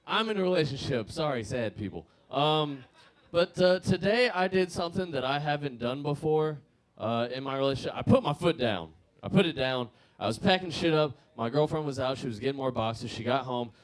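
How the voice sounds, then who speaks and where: Young Southern-raised man, stand-up, rambling, self-deprecating, slightly high. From Savannah, Georgia, US. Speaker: stand-up comedian. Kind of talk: live stand-up comedy set. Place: comedy club stage.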